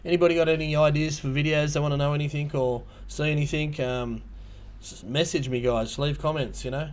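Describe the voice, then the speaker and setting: This livestream host, an Australian man, speaks briskly with a fairly high, fairly even voice. His story wanders, full of ums and false starts, in a casual setting.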